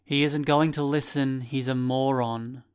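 An angry, accusing teenage boy with glasses, as a male narrator voices him. His voice sits higher than an adult man's and comes out loud and cutting, like he's done being ignored. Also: fairly even intonation, unhurried, clean tone, natural voice. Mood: scornful.

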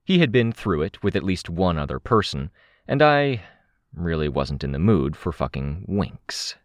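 A man narrates first-person fiction in a very low voice that swings widely in pitch. He takes his time, and the reading is close and dry. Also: big pitch swings, unhurried, no echo. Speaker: audiobook narrator.

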